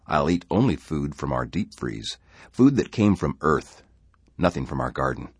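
A man's voice: very deep voice, very animated, normal speed, husky, no echo, clean studio sound, exaggerated voice. A man voicing an anxious, stubborn settler who is driven by fear. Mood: tense.

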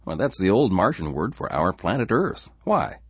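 A man's voice: low-pitched, very animated, normal speed, slightly rough, no echo, pitched above the performer's own voice, exaggerated voice. A man voicing a puzzled male archaeologist who calls out questions on the phone.

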